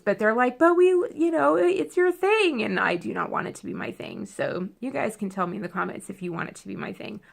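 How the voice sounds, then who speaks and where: A woman talking casually to her viewers. Her voice is gravelly, with a lot of vocal fry. She rambles from one tangent to the next and stays emotional and expressive throughout. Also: medium pitch. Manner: rambling and chatty, full of tangents and self-corrections. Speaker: vlogger. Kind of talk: casual chat to camera.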